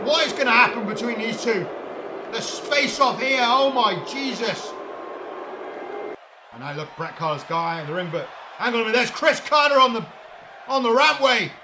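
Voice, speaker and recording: A man calling a wrestling video game match, getting loud and swearing at big moments and laughing through the calls. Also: sits high, background noise. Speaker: play-by-play commentator. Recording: roomy sound with loud music behind.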